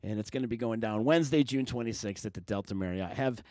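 A man hosting a podcast, loudly plugging local events and sponsors in casual chat. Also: on the low side, quick pace, no echo, studio quality. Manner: energetic, plugs events loudly. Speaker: podcast host.

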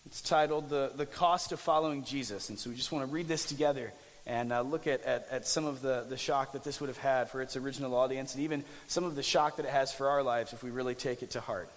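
A man's voice: mid-range voice, fairly even intonation, fast, in a large hall. A young man preaching a casual, conversational sermon as pastor, with restarts and jokey asides.

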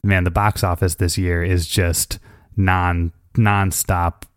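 A lower-voiced man on a podcast panel, laid-back and teasing. The recording is dry and close, with no room sound. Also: flat delivery, slow pace, no room sound. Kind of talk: casual chat.

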